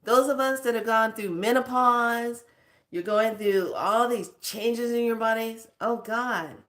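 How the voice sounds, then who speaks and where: A woman's voice: on the high side, measured pace, fairly bright tone. A middle-aged woman giving a casual spiritual pep talk as a teacher, speaking frankly and expressively and laughing often.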